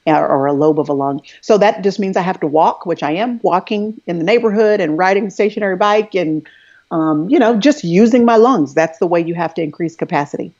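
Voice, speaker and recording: Guest, woman, middle-aged, low pitch, earnest storyteller; muffled video-call audio. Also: a little fast, a little mellow. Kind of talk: casual conversation over a live video stream.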